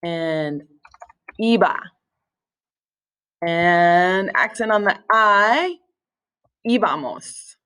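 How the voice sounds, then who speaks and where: A woman's voice: on the low side, lively intonation, extremely slow, long pauses, fairly bright tone, smooth. A woman teaching a recorded language lesson, explaining step by step with patience, small slips and fillers. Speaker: Spanish teacher. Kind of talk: recorded screen-share lesson.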